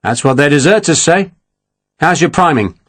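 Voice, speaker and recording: A man's voice: fairly high pitch, animated, normal speed, fairly bright tone. A man voicing a battle-hardened army captain who talks in a dry, clipped, matter-of-fact way in an audiobook.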